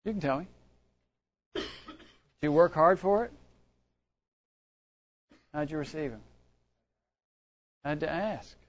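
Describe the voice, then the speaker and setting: A man with a high voice preaches a sermon, telling stories in an easy, conversational way. He often stops and restarts his sentences as he goes. The recording is dull and lo-fi. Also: slow, long pauses. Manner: conversational storytelling with frequent restarts.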